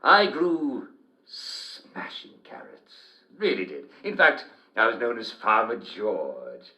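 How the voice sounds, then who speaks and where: An actor playing a mad, cheerfully unhinged old King George the Third, excitable and rambling. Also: slow, full character voice. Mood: manic. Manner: excitable, shrieking pitch jumps, rambling.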